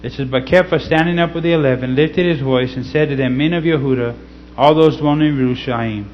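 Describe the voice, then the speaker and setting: A man reading scripture slowly and teaching in a casual way, often checking in with "okay?". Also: medium pitch. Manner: slow, deliberate scripture reading. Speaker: pastor. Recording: slightly dull recording with faint hum.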